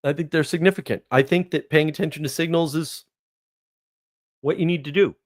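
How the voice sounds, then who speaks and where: A man's voice: a little high, steady tone, brisk. Rambling male livestream host. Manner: rambling storyteller, tosses in "right?" asides. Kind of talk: casual live monologue.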